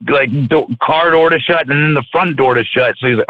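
This Maryland podcast co-host talks a little fast in a fairly high voice, rambling through a casual story. He's profane and leans on fillers and restarts, and the sound is tinny and dry, like a phone.

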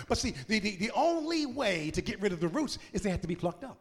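Talking fast with hardly any pauses and big pitch swings, a male pastor preaches in a high, ringing voice. He surges into shouted, half-sung cadences, then returns to low, chatty asides to the congregation, echoing with a sanctuary's long reverb.

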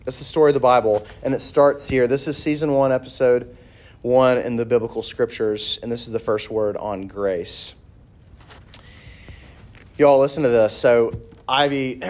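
A man in his thirties, a campus minister preaching a conversational sermon to students with animated storytelling and light humor. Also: mid-range voice, measured pace.

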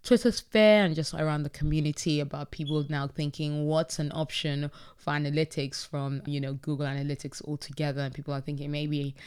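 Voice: medium pitch, little pitch movement, brisk, darkish tone, smooth. A podcast host recapping an online chat in a casual, upbeat way, reading out posts from participants with frequent laughs and self-corrections.

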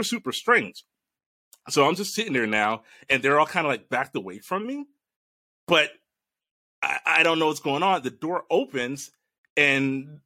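A man in casual chat recounting a strange dream, animated and laughing, swearing freely. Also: mid-range voice, no room sound, clean studio sound.

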